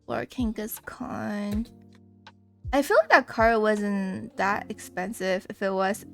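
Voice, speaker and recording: A woman's voice: mid-range voice, takes it slowly, a bit bright, soft background music. A young woman streaming live, chatting casually and telling rambling stories, laughing often at herself. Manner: giggly, rambling, self-deprecating storytelling. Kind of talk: casual live-stream chat while drawing.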